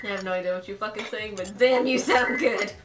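A young woman hosting a casual let's-play, fangirling over the characters with excitable, crude, profane commentary. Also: medium pitch, a little fast. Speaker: gaming channel host. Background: game music.

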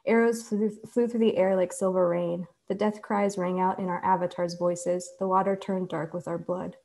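A woman author reading her own fiction aloud in a measured, deliberate way. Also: fairly low pitch, flat delivery, creaky, darkish tone. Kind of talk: literary reading.

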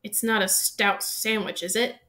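A woman's voice: medium pitch, steady tone, a little slow, sharp tone. Harry Potter, a woman voicing an earnest young boy wizard. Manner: thoughtful, earnest.

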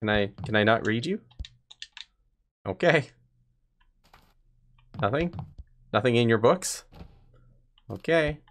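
A man hosting a let's play, reacting to the game aloud in an excitable, exclaiming, self-mocking way. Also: medium pitch, takes it slowly, pauses often. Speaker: gaming channel host. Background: game music.

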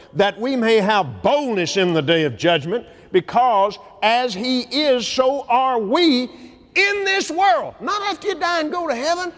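A man preaching a sermon at a convention, folksy and animated, sometimes shouting and leading the crowd in repeating lines. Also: sits high. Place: large convention hall. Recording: long hall reverb.

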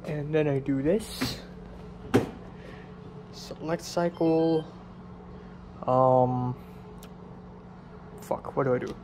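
A man's voice: a little high, fairly even intonation, drawn-out words, pauses often, background noise. A young man from Hong Kong vlogging casually at home in his kitchen, rambling and self-deprecating with lots of fillers. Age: young adult. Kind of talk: casual vlog talk.

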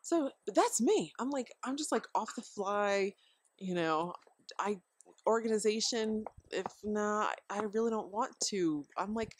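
A woman's voice: mid-range voice, expressive, unhurried, a little hiss or hum. A woman giving casual parenting advice to the camera outdoors, rambling with many fillers and frequent chuckles. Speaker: homeschooling parent vlogger. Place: outdoors at home by a deck with chickens.

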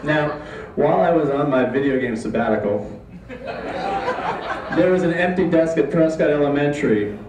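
A man telling a comic true story on a live stage, with a deadpan, mock-dramatic delivery. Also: fairly high pitch, moderate pace, long pauses, noisy background. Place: live stage before an audience. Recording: echoey room, distant mic, faint ambience.

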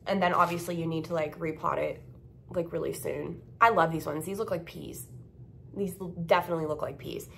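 A woman's voice: on the low side, fairly even intonation, brisk, vocal fry, a bit bright, slight background noise. A young woman vlogging in a casual, blunt, profane ranting way. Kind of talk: casual vlog chat.

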